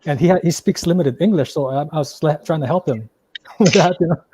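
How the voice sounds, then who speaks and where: A man's voice: fairly high pitch, brisk, noisy background. A man telling a rambling story in casual chat, full of "like" and "you know". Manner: rambling storyteller, many fillers.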